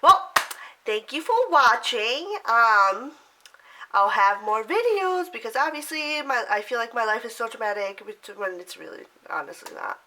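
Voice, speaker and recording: Bright-voiced chatty young woman vlogger. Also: fairly high pitch, animated, measured pace, slight background noise, low-quality recording. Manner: chatty, lots of "like", swears freely. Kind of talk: casual storytelling to camera.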